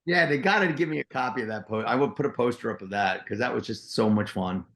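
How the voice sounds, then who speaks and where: Middle-aged actor, rambling and upbeat in casual interview chat. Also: male voice, mid-range voice, quick pace, fairly bright tone. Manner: enthusiastic, rambling with many restarts. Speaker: actor guest.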